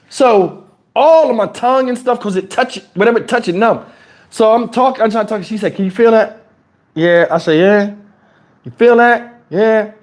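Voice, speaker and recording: Man, high voice, animated storyteller, profane, livestream, lapel mic. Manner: animated, profane, with dramatic pitch swings. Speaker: storytime streamer. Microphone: wireless lapel mic.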